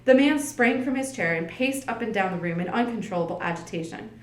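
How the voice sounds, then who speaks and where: Library reader, female, mid-pitched, classic tale read aloud in a roomy echoing space, casual asides. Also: lively intonation, a little fast. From United States. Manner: plain narration with light character voicing, chatty asides. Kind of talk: unhurried storybook reading aloud. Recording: roomy echo.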